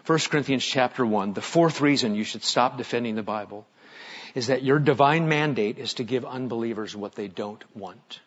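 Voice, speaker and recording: A male pastor preaching a sermon, telling stories dramatically and swinging from hushed, slow lines up to loud, emphatic ones. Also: mid-range voice, husky, dull audio.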